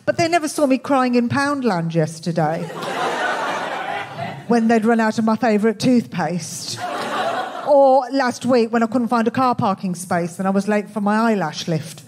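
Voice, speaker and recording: A woman with a Birmingham accent performing a stand-up comedy set in a club, with a dry, deadpan, self-mocking delivery. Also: fairly high pitch, background noise. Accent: Birmingham English. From England. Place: comedy club with live audience.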